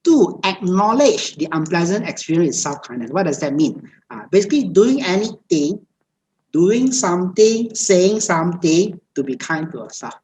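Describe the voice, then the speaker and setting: A woman gives a Buddhist dharma talk over a video call, her voice low. She speaks in repetitive, list-like phrases and often stops on hesitant fillers. Faint noise sits behind her. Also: very animated, moderate pace, a little mellow, rough recording. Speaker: meditation teacher.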